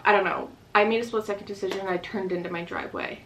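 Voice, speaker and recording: A woman vlogger telling a personal story in a casual, rapid style, full of "like" fillers. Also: mid-range voice, fairly even intonation, a bit bright, a little hiss or hum, rough recording.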